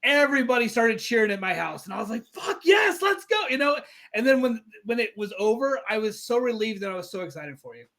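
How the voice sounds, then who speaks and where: A male interviewer in a casual chat, excitable and open about cheering for his guest. His voice sits unusually high for a man. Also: fast, few pauses.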